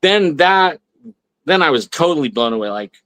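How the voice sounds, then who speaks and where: A man's voice: fairly high pitch, animated, normal speed, a bit bright, no echo. A man telling a personal story on a talk radio show, rambling with many restarts and fillers. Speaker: guest. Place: radio studio.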